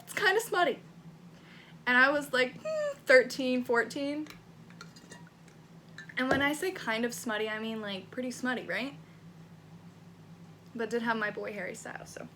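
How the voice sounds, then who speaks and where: Bright, candid young woman vlogger. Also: a little high, slight background noise. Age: young adult. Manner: candid, swears freely, laughs at herself. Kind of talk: casual chat, reading her old writing aloud.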